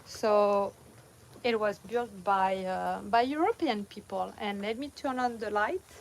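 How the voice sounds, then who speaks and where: A woman's voice: medium pitch, unhurried, creaky, slight background noise, poor audio. A middle-aged woman with a strong French accent, chatting casually with viewers on a livestream and laughing often, recorded without a mic. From France. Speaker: vlogger. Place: van or home, at night. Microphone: no mic, phone or camera only.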